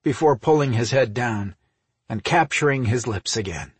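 A man narrating an audiobook in a steady, unhurried reading, close on the microphone. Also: medium pitch, breathy edge, dry recording. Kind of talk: scripted narration.

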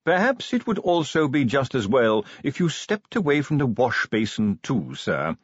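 A man voicing a prim, smooth-spoken middle-aged butler with a formal, deferential manner in an audiobook. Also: medium pitch, very animated, moderate pace, no echo, dull audio, voice pushed up.

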